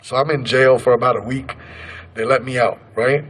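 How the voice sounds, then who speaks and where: A man's voice: mid-range voice, steady tone, moderate pace, a bit bright, slightly rough, rough recording. Man telling a personal story, earnest. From Colorado, USA. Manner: earnest, conversational, acts out quoted dialogue. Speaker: speaker telling his story. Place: protest gathering outdoors.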